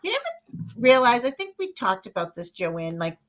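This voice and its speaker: A woman with a Boston accent doing an intuitive card reading on a video call, speaking haltingly with many restarts. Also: fairly high pitch, very animated, a bit bright, muffled recording, slight background noise. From New England, near Boston. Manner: halting, restarts often, talks of spirit and intuition. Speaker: card reader and co-host. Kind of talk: live card reading chat.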